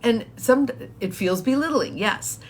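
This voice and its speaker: A woman's voice: a little high, expressive, a little slow, a little hiss or hum. A woman coach giving a chatty live-streamed talk to viewers, laughing often as she explains. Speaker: empowerment coach.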